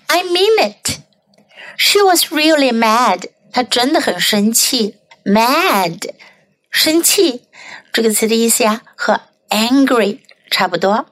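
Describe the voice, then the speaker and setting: A woman's voice: on the high side, a bit bright. A woman teacher reading a picture book aloud, following each line with a translation. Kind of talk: bilingual storybook reading.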